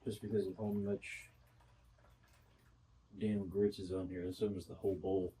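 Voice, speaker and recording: A man's voice: deep voice, flat delivery, normal speed, dark tone, slight background noise, poor audio. A young man talking casually through a cooking vlog, rambling with lots of fillers and little asides. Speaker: bodybuilder vlogger.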